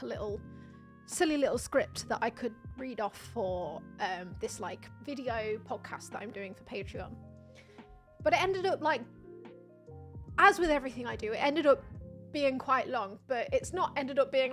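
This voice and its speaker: High-voiced chatty woman streamer. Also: fairly bright tone. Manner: chatty, rambling, self-deprecating with frequent laughs. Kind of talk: casual livestream chat.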